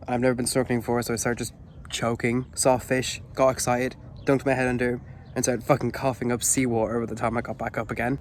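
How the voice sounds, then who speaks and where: A man's voice: mid-range voice, slight background noise. A young man rambling casually and swearing as he vlogs his trip to camera. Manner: rambling, sweary, self-mocking. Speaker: vlogger. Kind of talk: casual travel vlog.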